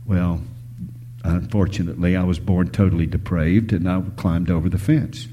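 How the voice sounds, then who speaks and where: A male preacher delivers a sermon in a low, husky voice with a dark, mellow tone. He swings from loud, emphatic lines to hushed whispers and draws the listeners in with stories and questions. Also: fairly even intonation, normal speed. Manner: storytelling, asks the audience questions.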